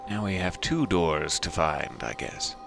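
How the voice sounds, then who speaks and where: A man's voice: low-pitched, lively intonation, a little slow, creaky, over music. A man streaming a video game live, commenting in a playful, mock-formal joking way.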